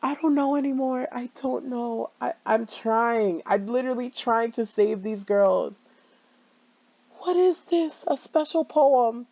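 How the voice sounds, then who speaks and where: A woman's voice: fairly high pitch, takes it slowly, mellow, highs cut off. A young woman playing a horror game, reacting with panicky swearing and frequent shrieks. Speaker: let's play gamer. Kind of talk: let's play reaction commentary.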